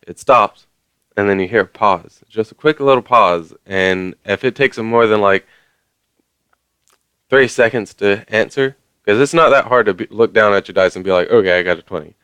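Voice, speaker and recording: A man's voice: lowish voice, moderate pace, fairly bright tone, smooth, no room sound. A man ranting casually to his viewers, rambling along with lots of fillers and mild swearing. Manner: conversational, many fillers. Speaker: vlogger. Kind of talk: casual rant to camera.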